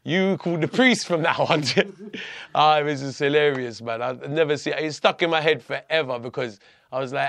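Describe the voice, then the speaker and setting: A man, telling a story as a podcast guest in a lively, profane way. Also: fairly high pitch, normal speed, vocal fry, dry recording. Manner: animated, profane, laughing storyteller. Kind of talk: storytelling in conversation.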